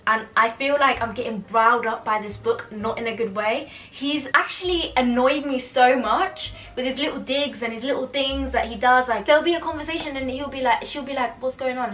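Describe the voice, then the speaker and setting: A woman's voice: a little high, far from the mic. A young woman vlogging casually at home about a book she is reading, talking in chatty, exasperated rants. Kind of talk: casual vlog chat. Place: living room at home. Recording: roomy echo, a little off-mic, soft music behind.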